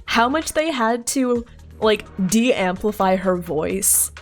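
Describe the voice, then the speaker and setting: Slow-talking giggly woman streamer. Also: mid-range voice, lively intonation, faint music behind. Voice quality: grounded, deliberately not breathy. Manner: giggly, chatty reactions to the game. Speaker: game streamer. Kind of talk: casual let's-play chat.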